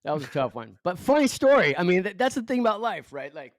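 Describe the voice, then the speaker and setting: Speaking fast in a high voice with big swings in pitch, a middle-aged Southern Californian man with a local accent is recorded dry. He appears as a podcast guest, recounting a self-deprecating tale loaded with fillers in a relaxed interview.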